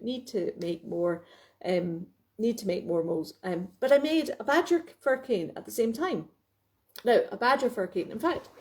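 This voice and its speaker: A woman's voice: fairly high pitch, a little mellow. A woman hosting a casual live video chat from her craft workspace, talking into her phone in a rambling way, with lots of restarts and laughs. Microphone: phone camera.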